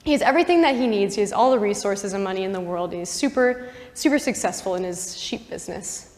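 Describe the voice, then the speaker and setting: A woman voicing a solemn prophet who tells a parable in a hushed, drawn-out way. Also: mid-range voice, expressive, lightly acted. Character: solemn storytelling male prophet. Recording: long chapel reverb.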